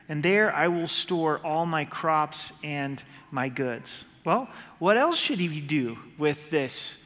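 A male pastor preaching a sermon in a conversational way, slowing down when he quotes scripture. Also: on the high side, fairly bright tone. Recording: long hall reverb.

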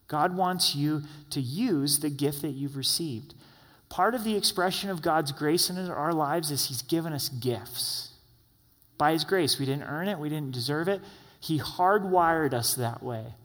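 A man's voice: a little high, measured pace, fairly bright tone, long reverb tail. A man preaching a sermon in a church, in a conversational style with frequent rhetorical questions. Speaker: pastor.

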